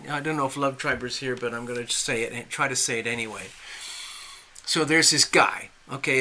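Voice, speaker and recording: A man's voice: on the high side, bright, forceful tone. A man doing tarot readings on a live stream, telling a story in a chatty, rambling way with restarts and asides. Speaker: tarot reader.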